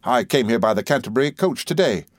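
A man's voice: mid-range voice, lively intonation, quick pace, no echo, natural voice. A man reading an audiobook, voicing an earnest, effusive young man. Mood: eager. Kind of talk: audiobook character voice.

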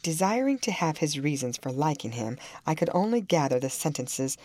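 Woman reading an old novel aloud, low voice, lots of swing, dry close sound. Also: normal speed, few pauses, no room sound. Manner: expressive dramatic reading. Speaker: audiobook reader. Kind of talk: storybook narration.

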